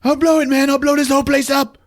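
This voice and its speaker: A man voicing an unhinged male cult gunman, yelling high and frantic in a comedic podcast recap. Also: little pitch movement, fast. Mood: ranting.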